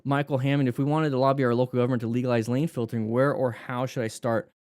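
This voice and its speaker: A man's voice: medium pitch, flat delivery, quick pace, a little mellow, no echo, clean studio sound. A man hosting a live motorcycle class, reading out viewer questions and answering them casually, thinking aloud and correcting himself as he goes. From United States.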